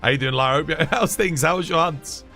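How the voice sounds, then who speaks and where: A man's voice: on the high side, quick pace, gravelly, bright, forceful tone, faint music behind. A man chatting casually on a live game stream, rambling and repeating himself as he grumbles.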